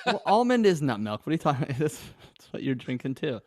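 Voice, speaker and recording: A man co-hosting a podcast, playful and teasing, quick to laugh in casual banter. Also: a little high, big pitch swings, no echo, clean studio sound. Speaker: podcast co-host.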